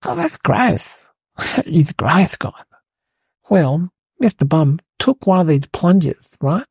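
A man's voice: high-pitched, very animated, slow, vocal fry, a little mellow, husky, no room sound, full character voice. A man doing a rambling Aussie schoolboy. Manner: breathless rambling storyteller, lots of "like" and "guys". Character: cheeky young schoolboy, excitable and rambling. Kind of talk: comedic storytelling.

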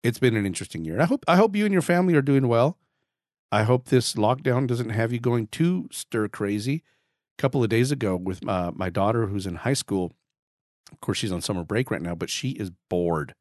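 A chatty podcast host, a man in his forties whose throat is raspy and scratchy today. He rambles in a friendly way, stumbles over repeated words and jokes about himself. His mid-range voice sits close and dry on the mic, with no room sound around it. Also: mid-range voice, expressive, a little fast, a little mellow, no echo. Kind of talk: casual podcast monologue.

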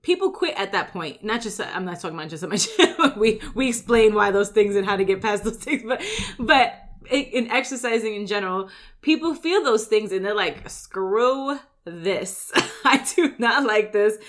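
This gym owner and coach has a medium-pitched, expressive voice with a fairly bright tone. Her motivational talk is relaxed and chatty, filled with "like" and "right?", and she mimics everyday gripes in brief asides.

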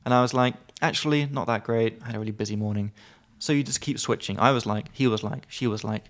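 A young man co-hosting a podcast, explaining vocabulary in a relaxed, giggly way and slowing down to spell out each word. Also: medium pitch. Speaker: podcast co-host, English teacher. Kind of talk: casual chat explaining vocabulary.

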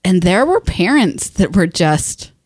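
A middle-aged woman chatting casually, animated and laughing often, with frequent restarts. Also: lowish voice, a little slow, no echo, studio quality. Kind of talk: casual chat.

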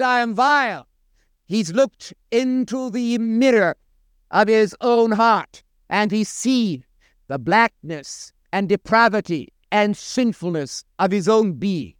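A man's voice: high voice, clean tone, dry recording, studio quality. A man preaching a sermon to a congregation, quoting scripture with impassioned, dramatic emphasis.

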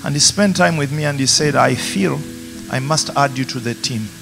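A pastor with a Ugandan accent preaching a passionate sermon in a church, rising to emphatic peaks. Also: male voice, medium pitch, moderate pace, vocal fry, a bit bright. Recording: music playing behind.

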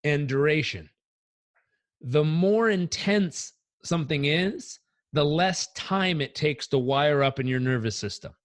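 A man on a podcast telling personal stories in an animated way, acting out the voices in them. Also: a little high, a little slow, no echo, clean studio sound. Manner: animated, acts out quotes. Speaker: guest. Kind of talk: conversational storytelling.

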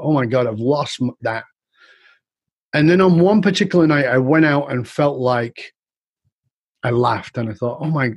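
A man's voice: medium pitch, husky, no room sound. A man guest in an interview, candidly and reflectively telling a personal story with casual swearing.

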